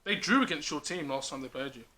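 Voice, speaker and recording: A man's voice: a little high, expressive, fast, sharp tone. A man hosting a casual football prediction chat, leading the talk and questioning his co-host between laughs.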